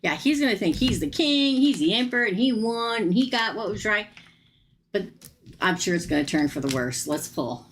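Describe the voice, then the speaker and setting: A woman reading tarot on a live stream, chatty and animated, laughing often. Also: mid-range voice, normal speed, slight background noise. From United States. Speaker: tarot reader.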